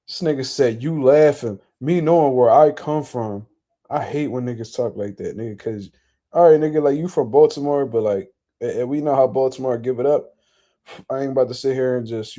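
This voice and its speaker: A man's voice: mid-range voice, warm tone. A man hosting casual boxing reaction commentary, ranting in a blunt, profane, incredulous way.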